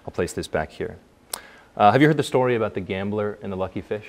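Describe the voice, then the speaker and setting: A man, a magician, telling a story while doing a trick, in a halting way with frequent restarts. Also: on the low side, a little mellow.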